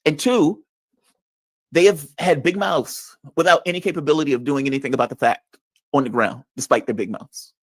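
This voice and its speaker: Male commentator, blunt and combative, higher-pitched, dry sound. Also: normal speed, no room sound. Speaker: political commentator. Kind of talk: heated political discussion.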